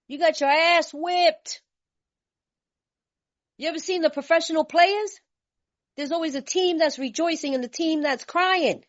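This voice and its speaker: At a recovery meeting, a woman from California shares her story bluntly and animatedly, laughing and using streetwise talk. Her voice is high, and the lo-fi recording sounds dull.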